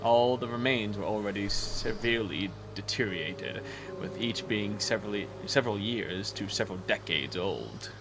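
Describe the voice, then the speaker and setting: A man's voice: on the low side, lively intonation, moderate pace. A man voicing an earnest, diligent young male assistant in a formal, precise manner, reading game dialogue over game music. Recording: game music playing behind.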